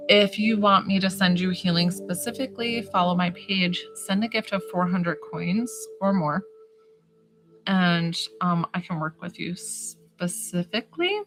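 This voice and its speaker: A woman's voice: fairly low pitch, unhurried, fairly bright tone, rough recording. A woman, a psychic healer, chatting casually and bubbly on a live stream, greeting viewers by name. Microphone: phone camera. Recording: live stream with music playing behind. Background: music.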